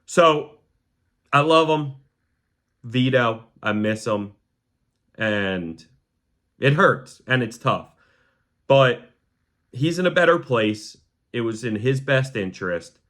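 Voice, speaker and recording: A young man hosting a podcast, talking to camera in a heartfelt, halting way that sometimes sounds choked up. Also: medium pitch, expressive, a bit bright. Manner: repeats the word "gang" to the audience. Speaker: podcast host. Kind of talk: emotional personal monologue to camera.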